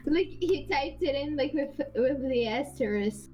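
A woman's voice: high voice, animated, a little slow, music in the background, poor audio. A woman in a casual gaming voice chat who talks bluntly, teases and laughs often. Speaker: voice chat participant.

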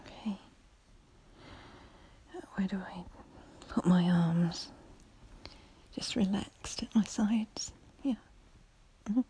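A woman in a whispered role-play, teasing and flirtatious, often breaking into soft giggles. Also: medium pitch, extremely slow, long pauses, husky. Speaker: ASMR performer.

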